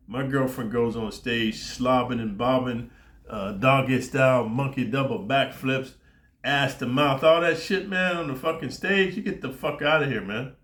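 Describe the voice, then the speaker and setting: A man's voice: medium pitch, normal speed, a bit bright. A brash middle-aged man rants through a crude story, swearing freely and calling out "man" and "dude" every few words. His voice sits in a mid range. It rings with noticeable room echo. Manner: brash, foul-mouthed, peppers talk with "man" and "dude". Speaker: YouTube storyteller. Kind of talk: profane storytelling rant. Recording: roomy echo.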